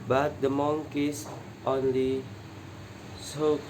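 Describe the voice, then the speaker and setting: A male student reading a children's story aloud, halting and careful, correcting his own slips. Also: mid-range voice. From Indonesia. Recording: steady air-conditioner hum.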